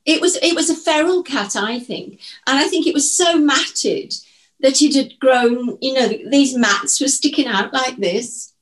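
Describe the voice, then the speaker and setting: A woman's voice: sits high, a little slow. An older woman with an English accent, chatting on a podcast as co-host, telling stories in a chatty, giggly way. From England. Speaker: co-host, host's mother. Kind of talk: casual podcast chat.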